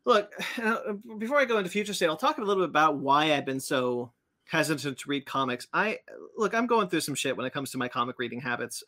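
Bright-voiced man rambling casually. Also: mid-range voice. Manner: rambling, many fillers and restarts. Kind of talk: casual chat about comics and cartoons.

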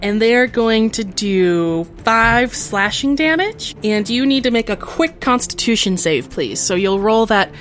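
A woman's voice: a little high, lively intonation, a little slow, hardly any pauses. A woman narrating as game master of a tabletop game, patiently explaining the rules.

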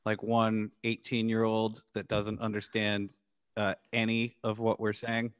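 A man's voice: fairly low pitch, completely flat delivery, a little slow, smooth, no room sound. A man co-hosting a casual podcast chat, joking and rambling, sometimes slipping into silly voices. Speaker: podcast co-host.

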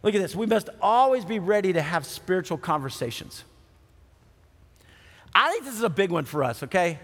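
A man's voice: sits high, big pitch swings, moderate pace, fairly bright tone, long reverb tail. A man preaching a sermon in a conversational way, often checking in with the audience by asking "right?". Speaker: pastor.

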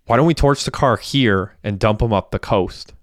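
A man's voice: fairly low pitch, normal speed, no echo, clean studio sound, close to an everyday voice. A man voicing an anxious young accomplice who swears under stress, in audiobook dialogue. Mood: planning. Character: anxious young man called Sarge, cleaning up a crime. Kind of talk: audiobook character voice.

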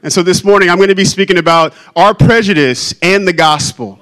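A man's voice: high voice, brisk, a bit bright, rough recording. A male pastor opening his sermon in a joking, self-deprecating, conversational way.

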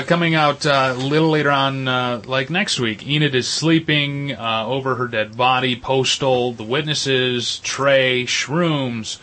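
A man's voice: mid-range voice, a bit bright. A man hosting a casual movie podcast, reading through release lists with fillers and jokes. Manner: runs through lists with many fillers, joking. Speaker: podcast host.

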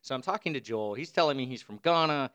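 Rambling, animated male storyteller. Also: medium pitch, fast talker, smooth. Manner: rambling storyteller, laughs often. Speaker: podcast co-host. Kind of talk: casual chat. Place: Brooklyn.

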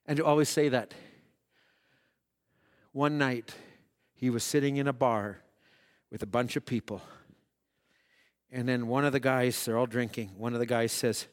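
A man preaching a sermon who swings between shouted peaks and hushed, drawn-out passages, telling stories with quoted voices. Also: mid-range voice, fairly even intonation. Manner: dramatic storytelling with quoted voices.

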